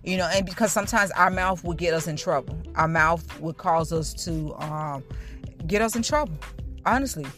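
A woman's voice: fairly low pitch, normal speed, music in the background. A woman in her thirties giving a candid personal testimony, talking straight to her listeners in an earnest, repetitive way. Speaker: speaker sharing her testimony.

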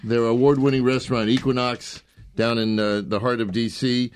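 A man's voice: medium pitch, little pitch movement, normal speed, a little hiss or hum. A man co-hosting a radio food show, chatting casually, rambling and joking with many fillers and restarts.

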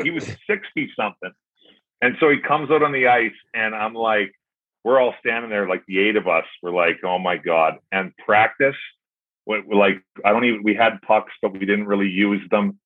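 Guest: forties man, husky and lowish, loose profane storyteller, phone-quality audio. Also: moderate pace, bright, forceful tone. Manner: rambling anecdotes, retells dialogue with "I'm like", profane. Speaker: podcast guest, former pro hockey player. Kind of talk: casual storytelling. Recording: tinny phone-like line.

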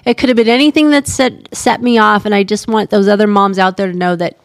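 A woman's voice: mid-range voice, fairly even intonation, dry recording. A middle-aged woman co-hosting a podcast, speaking candidly and sympathetically in casual chat. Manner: candid, sympathetic, quick asides. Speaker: podcast co-host.

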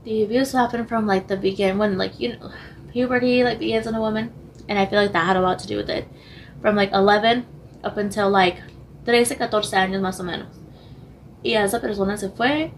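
A young woman whose voice is wearing hoarse, talking as a guest on a podcast in a hesitant, halting way, full of pauses and restarts. She slips between languages mid-sentence. Faint ambient noise sits under the recording. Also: medium pitch, fairly even intonation. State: losing her voice, hoarse. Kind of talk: candid personal interview.

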